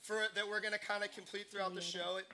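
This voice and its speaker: A man's voice: high voice, level tone, quick pace, crowd noise. A young man hosting a live campus talk show, chatty and laughing often. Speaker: host. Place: campus stage with live audience.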